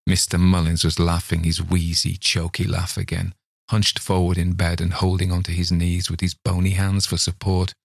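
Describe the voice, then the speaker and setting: A man reading a story aloud in a measured, unhurried narration. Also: low-pitched, gravelly, breathy edge, no room sound, studio quality. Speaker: reader of stories.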